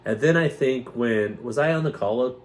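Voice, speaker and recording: A man's voice: mid-range voice, normal speed. A man co-hosting a podcast, telling stories in a rambling casual chat and mimicking other people's voices as he goes. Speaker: podcast co-host.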